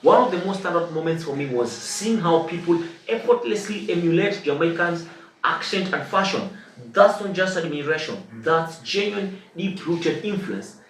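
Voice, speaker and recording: A man from Kenya hosting a reaction video, breaking clips down in a measured, explanatory way. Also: a little high, lively intonation. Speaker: reaction channel host. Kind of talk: reaction commentary. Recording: echoey room, mic at a distance, faint hiss.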